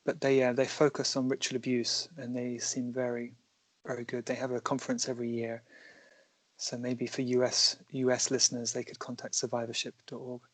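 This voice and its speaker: A man's voice: mid-range voice, completely flat delivery, a little fast, no echo. A man conducting an interview, mostly giving brief affirmations and asking questions.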